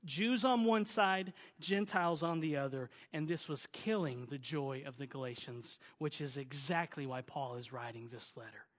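A man's voice: on the high side, big-room sound. A pastor from Oklahoma with a Southern accent, preaching a folksy, emphatic sermon with jokes to his church.

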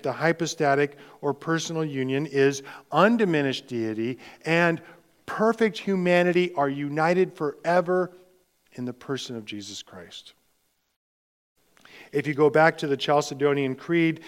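A man preaching a sermon with slow, emphatic delivery, dropping into hushed tones for emphasis. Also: medium pitch. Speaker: pastor.

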